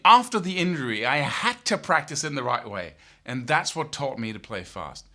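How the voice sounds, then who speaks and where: A middle-aged man teaching guitar, talking in an animated way and scatting riffs with syllables. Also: mid-range voice, normal speed. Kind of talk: spoken guitar lesson.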